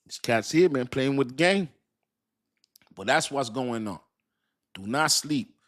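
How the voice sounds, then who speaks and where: Animated man in his fifties, chatty and loose. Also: medium pitch, measured pace. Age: 50s. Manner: animated, repetitive, slangy, laughs often. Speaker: crypto livestream host. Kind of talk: casual live-stream talk.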